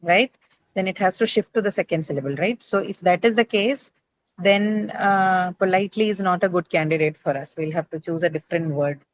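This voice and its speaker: A woman's voice: fairly low pitch, a little fast, rough recording. Woman teacher leading a pronunciation lesson. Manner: checks in with students, frequent "right?" and "uh" fillers. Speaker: English teacher. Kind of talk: classroom lesson on word stress. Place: classroom.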